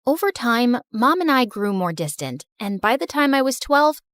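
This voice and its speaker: A woman narrating a first-person animated story in a confessional storytelling manner. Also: fairly high pitch, normal speed, no echo, studio quality.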